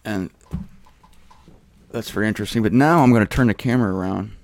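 A man with a gravelly, creaky voice gives a scripture lesson straight to camera. He is sarcastic and scoffing, jumping from loud jabs to muttered asides. The sound is dry and close. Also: on the low side, fairly quick, no echo. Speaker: Bible teacher. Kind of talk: Bible teaching monologue to camera.

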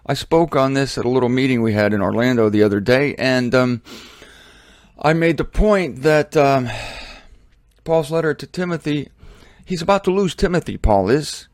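A man delivers a casual sermon, teaching from the Bible through animated storytelling and mocking asides. His mid-pitched voice comes at a moderate pace in a dry, close recording with no echo.

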